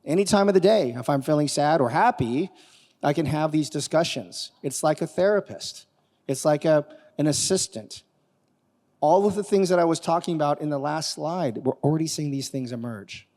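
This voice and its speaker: A man giving a live conference talk, animated and quizzing the audience as he demos technology. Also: fairly high pitch, normal speed. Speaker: conference speaker. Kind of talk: live keynote talk with demo. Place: conference hall on stage. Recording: long reverb of a large hall.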